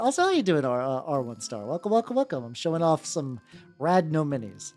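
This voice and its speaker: A woman chatting casually on a live stream while painting miniatures, excitable and swearing freely, often repeating her words. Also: low voice, brisk, soft background music.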